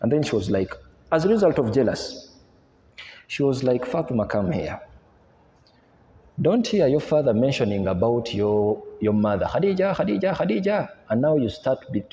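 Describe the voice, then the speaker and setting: Animated preacher in an echoey hall. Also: male voice, mid-range voice. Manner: animated storytelling, mixing languages, rhetorical questions. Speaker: Islamic preacher. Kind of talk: sermon retelling stories. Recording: echoey hall with long reverb.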